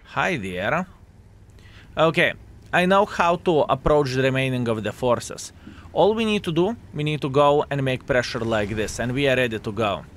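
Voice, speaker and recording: A man's voice: medium pitch, expressive, moderate pace, fairly bright tone. A young adult man giving casual, joking commentary over gameplay, chatting to his viewers as "fellas.". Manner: chatty, addresses viewers as fellas, playful jokes. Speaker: gaming commentator.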